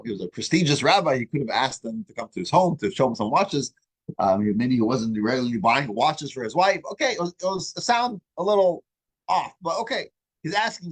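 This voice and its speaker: A man teaching a weekly religious class, asking the group questions and telling stories in an animated way, often restarting his words. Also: a little high, husky, poor audio. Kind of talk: lesson with storytelling.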